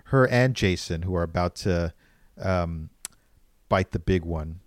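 A man's voice: low-pitched, a little slow, dry recording, clean studio sound. A man chatting casually about a movie, hesitant at times and acting out characters' lines. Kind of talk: casual movie review chat.

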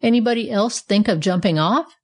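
A woman's voice: medium pitch, fairly quick, lightly acted. A woman reading a storybook aloud, voicing a demanding, sneering male streetcar conductor. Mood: bossy.

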